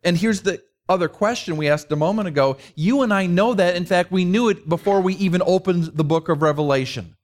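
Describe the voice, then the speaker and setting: Middle-aged pastor guy preaching, chatty, tells stories, lots of questions, kinda high voice. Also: brisk, hardly any pauses. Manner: conversational preaching with anecdotes; repetitive rhetorical questions. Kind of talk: sermon.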